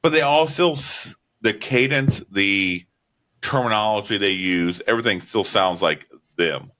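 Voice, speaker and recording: A man's voice: fairly low pitch, measured pace, pushed and bright. A man co-hosting a movie podcast, talking bluntly and swearing a lot, with plenty of "um" and "all right" as he reviews a film in casual chat. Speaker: podcast co-host.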